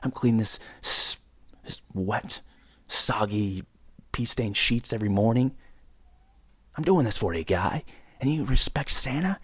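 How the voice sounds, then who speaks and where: A man's voice: on the low side, moderate pace, pauses often, slightly rough, dry recording. A young man hosting his own podcast in a joking, rambling rant, mock-outraged, close to the mic. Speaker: podcast host. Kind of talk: solo comedic podcast rant.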